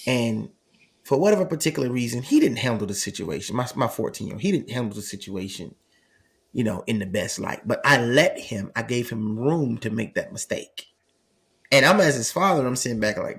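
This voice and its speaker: Middle-aged male host, conversational storyteller with an average pitch, who acts out quoted dialogue. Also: lively intonation, a little fast, fairly bright tone. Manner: conversational, frequent "you know what I'm saying" asides, acts out dialogue. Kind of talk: casual storytelling.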